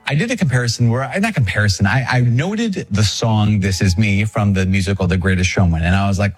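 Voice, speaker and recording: A man, a Catholic priest, talking casually to camera, chatty and self-deprecating with animated asides. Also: on the low side, brisk, hardly any pauses, breathy edge, faint music behind. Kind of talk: casual video talk.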